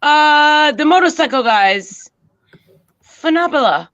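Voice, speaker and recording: A woman joining a casual livestream chat as a guest, excitable and gushing. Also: sits high, slow, dull audio.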